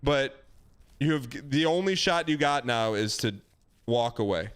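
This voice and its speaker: A man's voice: mid-range voice, normal speed, clean tone. A man hosting a live stream, giving a caller emphatic, folksy dating advice in a casual chat. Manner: animated, emphatic, folksy with dog metaphors.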